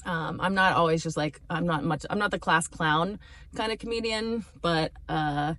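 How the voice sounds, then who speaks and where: A woman's voice: on the low side, moderate pace, a bit bright. A woman comedian talking casually to camera in a rambling, chatty way, laughing and swearing freely. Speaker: stand-up comedian.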